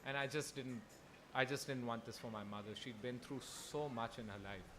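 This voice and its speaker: A young man from Pakistan telling his own story on a festival stage, earnest and halting, with many restarts. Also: medium pitch, background noise. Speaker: festival speaker. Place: festival hall.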